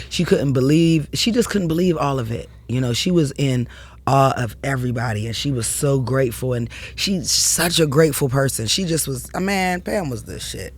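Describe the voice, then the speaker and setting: A woman's voice: a bass voice, normal speed, husky. A woman speaking as a podcast guest in an emotional conversation, earnest and heartfelt with casual slang.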